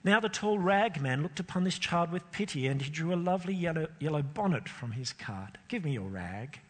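A man reads a story aloud with deep feeling, lingering on pauses and letting his voice sink for the sad moments. His tone is husky and a bit breathy, and a long reverb hangs after each phrase, as in a large hall. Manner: expressive, emotional, with slow pauses. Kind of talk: dramatic story reading.

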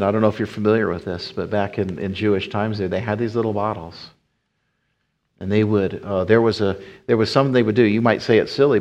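A man preaching a sermon, rising to emphatic appeals and dropping to soft hushed passages. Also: fairly low pitch, lo-fi sound. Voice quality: whispers at times. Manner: swells loud and emphatic, then drops to a soft hush.

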